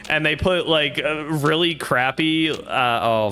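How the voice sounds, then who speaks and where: Bright-voiced joking male streamer. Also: on the high side, a little slow, a little hiss or hum. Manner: joking, rambling, swears freely. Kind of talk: casual live game commentary.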